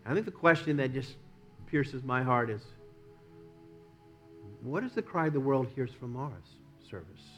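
An American man preaching a sermon as a pastor, swinging from loud exhortation to near-whispers. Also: mid-range voice, expressive, unhurried, long pauses, faint music behind.

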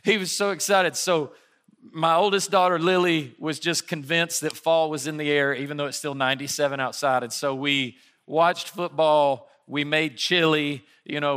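Bright-voiced man preaching conversationally. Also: a little high. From Alabama. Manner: conversational, animated storytelling with laughs. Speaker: pastor. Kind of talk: sermon.

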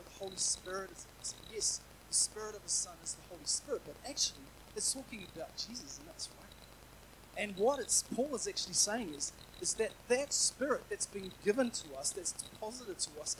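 Middle-aged male preacher, conversational and earnest, slightly raised pitch, faint background noise. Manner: conversational, earnest, with frequent restarts and asides. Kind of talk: sermon.

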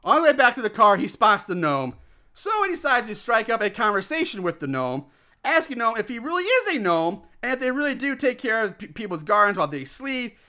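A man's voice: very high voice, very animated, a little fast, bright, forceful tone. A man casually recapping a bad movie with profanity, sarcasm and frequent laughter. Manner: profane, sarcastic, laughs often, mocking impressions. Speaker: podcast co-host reviewing a movie.

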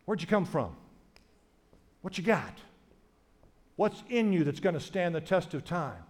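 A man's voice: sits high, sing-song, a little slow. A middle-aged man pastor preaching an emphatic sermon, repeating key phrases and restarting sentences.

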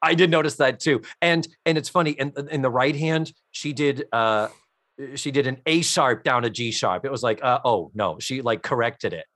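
A man co-hosting a casual podcast chat, animated and profane, often acting out lines. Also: medium pitch, normal speed, no room sound, clean studio sound. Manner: animated, profane, acts out lines in character voices. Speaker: podcast co-host.

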